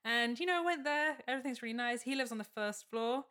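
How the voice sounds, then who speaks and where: A woman's voice: a little high, brisk, clear, resonant tone. A young woman, co-hosting a casual chat and telling a story with lots of laughs and acted-out quotes. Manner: animated, laughing storyteller who acts out quotes.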